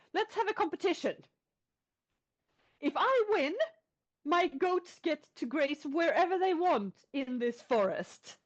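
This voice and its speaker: A woman's voice: high-pitched, pitched above the performer's own voice, heavily acted. A woman voicing a brave, boastful young farm boy who defies a troll. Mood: defiant. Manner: boastful and defiant. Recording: dull lo-fi sound.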